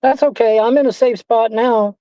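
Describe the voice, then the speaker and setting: A man's voice: very high voice, steady tone, moderate pace, dark tone, no echo. A man ranting on a livestream, swearing a lot and repeating himself as he complains. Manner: profane, repetitive, indignant. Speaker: streamer. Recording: dull lo-fi stream audio.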